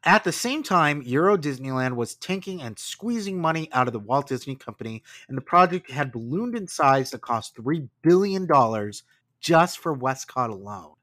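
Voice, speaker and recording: Lively man hosting a podcast. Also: mid-range voice, moderate pace, no echo. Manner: animated storytelling with asides and laughs. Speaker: podcast host. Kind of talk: casual podcast narration.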